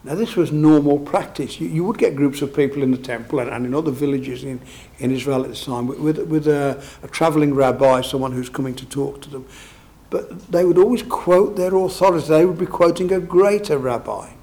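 A man's voice: fairly high pitch, fairly quick, dark tone. A man preaching a sermon, expounding scripture in a conversational way and often asking his listeners tag questions.

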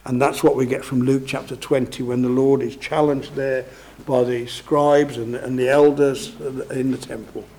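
A man preaches a sermon, working through the scripture verse by verse. His mid-pitched voice has a gravelly, creaky edge. He talks in a conversational, explaining way and keeps checking in with his listeners through tag questions. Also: flat delivery, normal speed, mellow.

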